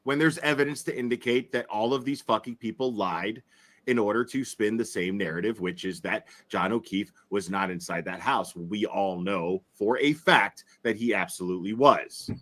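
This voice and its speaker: A man's voice: on the low side, normal speed, fairly bright tone. Earnest man giving stumbling commentary. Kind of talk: opinion commentary.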